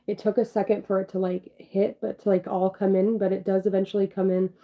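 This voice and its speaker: A woman's voice: mid-range voice, flat delivery, brisk. A young woman doing a casual tarot reading livestream, rambling, full of fillers and swearing offhandedly. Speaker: tarot reader. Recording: dull lo-fi sound.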